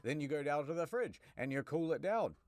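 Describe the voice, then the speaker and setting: An English man narrating a comedic story recap in a deadpan, sarcastic tone. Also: a little high, fairly quick, slight background noise. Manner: deadpan, sarcastic, jumping into silly voices.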